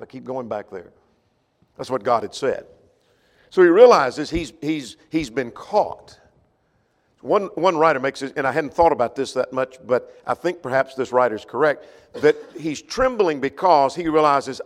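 Man teaching a Bible class in a reverberant hall. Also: medium pitch. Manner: thinks aloud, with frequent restarts and repeated words.

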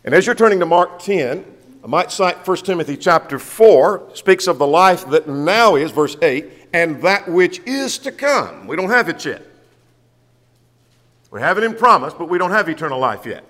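A man's voice: a little high, big pitch swings, normal speed, fairly bright tone. A man preaching a sermon, emphatic, asking rhetorical questions and reading scripture aloud. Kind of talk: sermon, Bible study. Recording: long hall reverb.

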